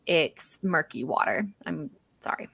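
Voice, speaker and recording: A woman's voice: sits low, animated, unhurried, vocal fry, a bit bright, breathy edge. A woman narrating as game master, chatty and prone to correcting herself mid-sentence. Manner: chatty, self-correcting, giggly asides.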